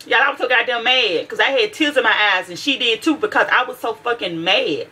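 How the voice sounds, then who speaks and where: A woman's voice: on the high side, a little fast, pushed and bright, low-quality recording. A mother telling a heated, profane story about her teenage daughter in a casual vlog, with lots of restarts.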